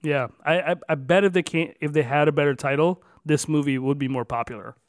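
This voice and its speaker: A man's voice: fairly high pitch, fairly even intonation, a little fast, no room sound. Upbeat podcast host man, dry close sound. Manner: announces numbered categories with lifted emphasis, then chats loosely. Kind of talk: casual podcast chat.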